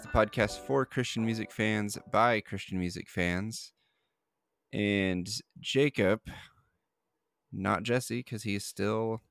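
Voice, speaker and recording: Male podcast host, low voice, dry close sound, loose rambling delivery with fillers. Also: vocal fry, a bit bright, no room sound. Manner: rambling, with many fillers and restarts. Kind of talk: casual podcast chat.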